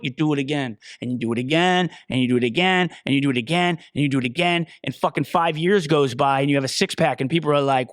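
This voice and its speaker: A man's voice: fairly high pitch, fast, few pauses, no room sound, studio quality. A man hosting a podcast, a personal trainer ranting bluntly and profanely with lots of fillers. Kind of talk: profane solo rant.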